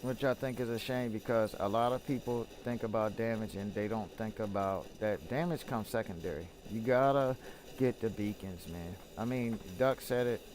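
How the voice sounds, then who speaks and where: A man's voice: lowish voice, normal speed, darkish tone. A man from Florida streaming a video game, talking in a rambling, chatty way full of fillers as he plays and reads the chat. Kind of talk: casual gameplay commentary.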